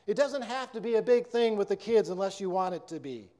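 A man's voice: sits high, expressive, a little fast, dark tone. A man voicing a cold, curt husband who is leaving his family, speaking abruptly and dismissively. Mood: matter-of-fact.

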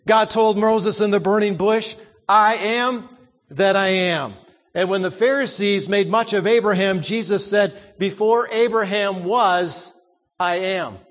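High-voiced preacher in an echoing hall. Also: male voice, fairly even intonation, unhurried, a bit bright. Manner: emphatic, repeats words and asks the congregation questions. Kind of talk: sermon.

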